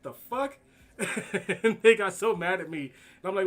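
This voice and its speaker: A man with a somewhat high-pitched voice rambles through casual anecdotes while drawing, swearing freely and dropping slang throughout. His delivery is loose and unhurried, like he is chatting with friends. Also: fairly bright tone. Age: adult with kids. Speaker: streamer.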